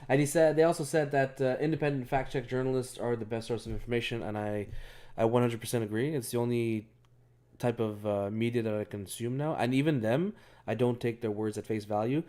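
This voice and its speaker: A man's voice: medium pitch, steady tone, a little fast, dark tone. A man co-hosting a casual chat, laid-back, laughing often and swearing casually. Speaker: co-host.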